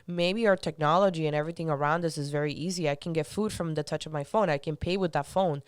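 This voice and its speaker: A woman's voice: sits low, fast, clear, resonant tone, dry recording, clean studio sound. A woman talking as a podcast guest in casual conversation, blunt, profane and heated.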